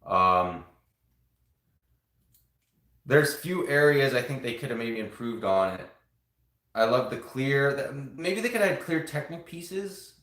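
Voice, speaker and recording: A man talks casually to his live-stream viewers in a middle-pitched voice. His talk rambles from point to point as he builds and shows things off. The sound carries a clear room echo from a home setup. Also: lively intonation, takes it slowly, long pauses, a bit bright.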